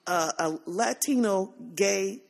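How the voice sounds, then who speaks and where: Woman podcast host, casual chat, animated storytelling, frequent laughter, medium pitch. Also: takes it slowly, gravelly, slight background noise. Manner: animated storytelling, laughs often, acts out quotes.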